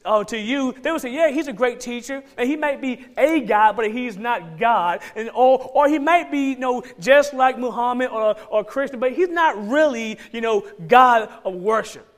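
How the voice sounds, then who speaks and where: A man's voice: very high-pitched, normal speed, hardly any pauses, fairly bright tone. A man with a Georgia Southern accent preaching a sermon as pastor, emphatic and repeating key phrases for stress.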